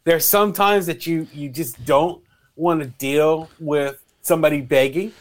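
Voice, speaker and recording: A man co-hosting a morning radio show, telling stories in a loose, animated way and acting out what people said. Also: fairly high pitch, measured pace. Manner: animated storyteller, acts out quotes, swears freely. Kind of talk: casual radio chat.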